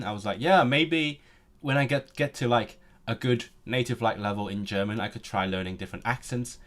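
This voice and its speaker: Stammering, chatty man. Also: fairly low pitch. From Hong Kong. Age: late 20s. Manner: chatty and joking, with frequent stammered restarts. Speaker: language-learning streamer. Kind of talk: casual live-stream chat, reading out viewer comments.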